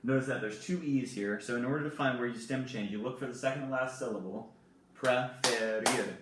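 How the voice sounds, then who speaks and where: A man's voice: mid-range voice, fast talker, a little hiss or hum. Male teacher, patient explainer who spells things out letter by letter; very echoey room, mic at a distance. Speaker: Spanish teacher. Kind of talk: recorded classroom lesson.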